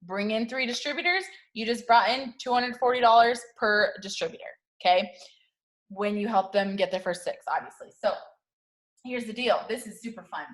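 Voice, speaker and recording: Casting: woman, 30s, network-marketing team leader, punchy hype talk, slangy, keeps checking in with her listeners. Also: normal speed. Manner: high-energy, repetitive, slangy, keeps asking "okay?". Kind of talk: motivational talk to camera.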